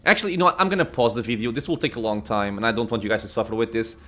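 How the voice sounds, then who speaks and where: A man's voice: fairly low pitch, very fast, fairly bright tone. A man giving casual gameplay commentary as a let's play host, thinking aloud with many "uh"s and laughing at himself.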